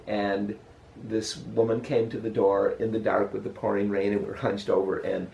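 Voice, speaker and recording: An older man interviewing a guest, telling a memory in a halting, storytelling way. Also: on the low side, gravelly, warm tone. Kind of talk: casual reminiscing interview. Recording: roomy echo.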